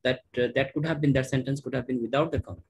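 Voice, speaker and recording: A man's voice: mid-range voice, fairly even intonation, racing, a little mellow, husky, dry recording, poor audio. A man in a book club discussion, talking carefully about a sentence.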